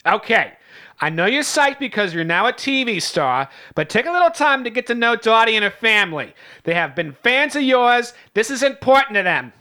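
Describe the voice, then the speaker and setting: A man's voice: very high voice, big pitch swings, moderate pace, bright, forceful tone, exaggerated voice. A man voicing a stern, bossy woman in a comedic script table-read, scolding.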